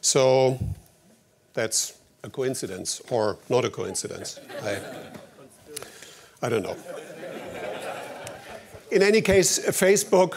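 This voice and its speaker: A man from Germany with a German accent, giving a formal opening speech at an award ceremony in a wry, anecdotal way with slightly halting phrasing. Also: on the high side, a little mellow.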